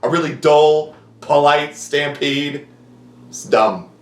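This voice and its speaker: A man's voice: fairly high pitch, slow pace, slight background noise. A man playing a blunt human fighter who talks crudely and sarcastically. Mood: sarcastic. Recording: echoey room.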